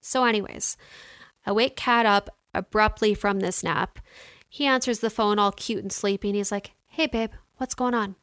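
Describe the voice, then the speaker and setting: A young woman vlogging about her week in a loose, chatty way, with lots of filler words. Her voice is smooth and clean and sounds close and dry, with no room around it. She sounds emotional, and her throat is getting a little sore. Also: medium pitch, steady tone, moderate pace, a bit bright, no echo. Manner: chatty, many "like" and "you know" fillers. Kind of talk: casual storytelling to viewers.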